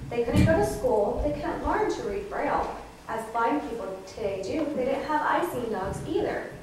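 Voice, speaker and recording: Young woman teacher telling a bible story to little kids, acts out the voices, far off in an echoey noisy classroom. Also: fairly high pitch. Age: young adult. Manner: animated, acts out voices and prompts children. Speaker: student teacher. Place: school classroom. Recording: echoey room from far off with noise.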